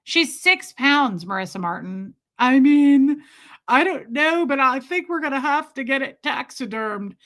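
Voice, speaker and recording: A woman's voice: sits high, lively intonation, a little slow, fairly bright tone. A woman hosting a casual livestream, chatty and gushing as she greets viewers by name. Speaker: livestream host. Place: Kansas City area.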